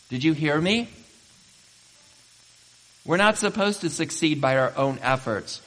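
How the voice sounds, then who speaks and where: A man preaching a sermon as pastor, emphatic and building to loud exhortation. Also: on the high side. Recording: reverberant hall.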